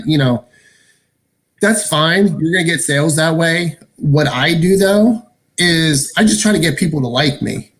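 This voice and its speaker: A man speaking as a guest in casual chat. His voice sits a little high for a man. He tells his stories in a lively, rambling way. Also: unhurried.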